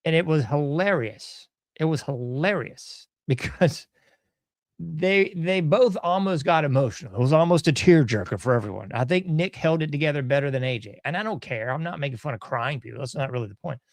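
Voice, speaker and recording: A man's voice: on the high side, lively intonation, fairly quick, dry recording. A man hosting a podcast in casual commentary, folksy and sarcastic, often chuckling. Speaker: podcast host.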